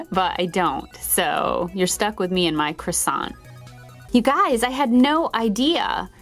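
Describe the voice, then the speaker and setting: A woman hosting a toy unboxing video, bubbly and giggly, gushing over each toy she opens. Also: mid-range voice. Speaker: toy channel host.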